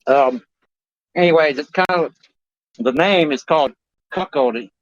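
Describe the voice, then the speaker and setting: A man rambles through a crude talk show chat, halting and restarting, swearing freely. His voice sits a little high for a man. The recording is dry and dull, like a cheap mic. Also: dry recording.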